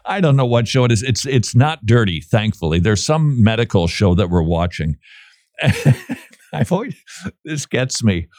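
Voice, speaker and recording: Sarcastic man with a lively voice. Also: medium pitch, dry recording, clean studio sound. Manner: sarcastic, joking, laughs often. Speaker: podcast co-host. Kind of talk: casual commentary.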